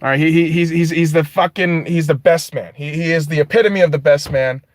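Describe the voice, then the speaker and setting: A man hosting a podcast, ranting casually and profanely in an animated, rambling way. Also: fairly high pitch, fairly quick, dry recording. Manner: animated, rambling, heavy swearing. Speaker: podcast host.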